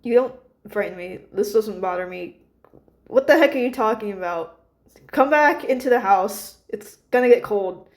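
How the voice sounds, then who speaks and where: A woman's voice: mid-range voice, natural voice. Woman voicing a blunt, unbothered young woman. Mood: dismissive. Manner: brisk, casual and dismissive.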